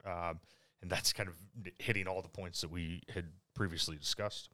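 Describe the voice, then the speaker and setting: A man's voice: low-pitched, steady tone, moderate pace, bright, forceful tone. A man co-hosting a true-crime podcast, who talks casually, agrees often and hesitates over his words. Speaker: podcast co-host.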